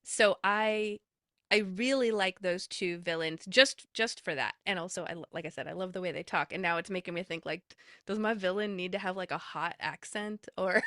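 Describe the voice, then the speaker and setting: Female podcast guest, eager and chatty, bright tense tone, dry close recording. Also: fairly low pitch, moderate pace, no echo. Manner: eager, talks with lots of fillers and restarts. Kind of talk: casual chat.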